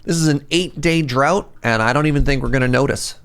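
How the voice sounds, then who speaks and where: A man's voice: medium pitch, fairly quick, fairly bright tone, faint music behind. A middle-aged man from British Columbia with a British Columbia Canadian accent, chatting casually and teasing his viewers while he streams a game. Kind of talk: casual live-stream chat.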